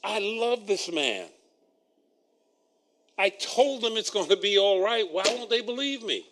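A man voicing a troubled male teacher, soft and slow as he pleads. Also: high voice, lively intonation, slight background noise, voice pushed up. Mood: pleading.

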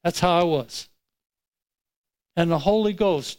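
A man delivers a sermon as a personal story, his voice sitting a little high. He tells it in an animated way, acting out his own words as he goes. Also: slow pace, pauses often, clean tone, low-quality recording. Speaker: pastor.

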